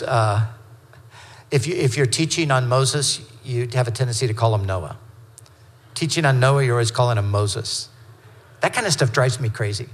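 A man preaching a sermon, teaching through scripture verse by verse in a conversational way, with quick asides and self-corrections. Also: medium pitch, in a large hall. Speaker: pastor.

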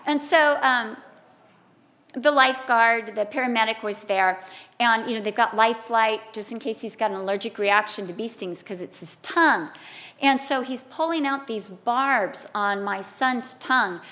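High-voiced woman preaching with loud cries. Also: unhurried. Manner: animated storytelling with loud cries. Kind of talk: sermon.

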